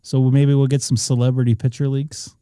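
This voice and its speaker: A man hosting a ham radio live stream, chatting casually and doing radio checks, with a somewhat nasal voice and an animated, mock-offended manner. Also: medium pitch, brisk, smooth, no echo.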